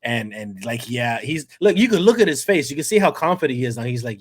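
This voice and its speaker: A man co-hosting a casual TV review chat, talking in halting restarts and acting out quotes from the show. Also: medium pitch. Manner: rambling, halting with many restarts, acts out quotes. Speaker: contributing writer, co-host.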